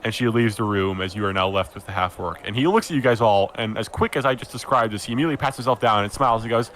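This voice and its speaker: A man's voice: lowish voice, quick pace, few pauses, a bit bright, slight background noise. A man serving as game master, narrating a tabletop game with a rambling, filler-heavy delivery.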